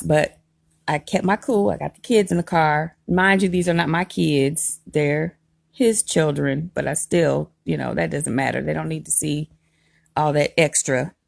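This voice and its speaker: A woman telling a personal story in a casual vlog, animated and emphatic, laughing as she goes. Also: deep voice, unhurried, creaky, no room sound, clean studio sound.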